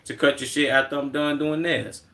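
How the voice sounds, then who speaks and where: A blunt male neighbor agrees to help with open mockery, as a streamer acts him out. His voice sits slightly higher and louder than the streamer's normal talk. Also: flat delivery, fairly quick, close to an everyday voice. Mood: mocking.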